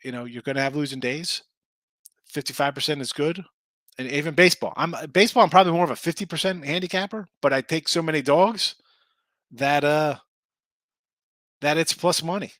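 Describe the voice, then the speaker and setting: This sports betting show host chats with his audience in a meandering style, listing picks and records, naming chatters, and restarting often. He talks briskly in a bright, forceful, slightly high voice, and the audio is close and dry with no echo from the room.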